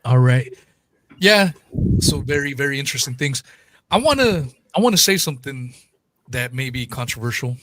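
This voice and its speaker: A man hosting a podcast over a video call, talking casually and hedging his opinions with pauses. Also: mid-range voice, lively intonation, a bit bright, no echo. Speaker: podcast host.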